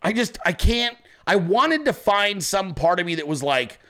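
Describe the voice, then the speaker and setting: A man's voice: high voice, big pitch swings, normal speed, a bit bright. A man hosting a political commentary show, blunt and crude, ranting at his audience in casual speech. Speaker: show host.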